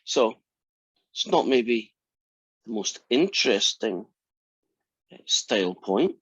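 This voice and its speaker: A man's voice: lowish voice, expressive, slow, fairly bright tone, slightly rough, dry recording. A man teaching a calculus class, talking through derivatives with wry, teasing asides. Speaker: math instructor. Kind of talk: classroom lecture. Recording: dry, muffled classroom recording.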